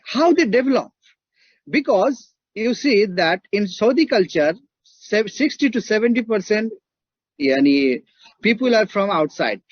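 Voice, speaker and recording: A lecturer with an Indian accent speaks in a fairly high, husky voice. He talks emphatically, circling back to his points and checking in with the class. The recording is dull and dry, with little room sound. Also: very animated, measured pace, dry recording.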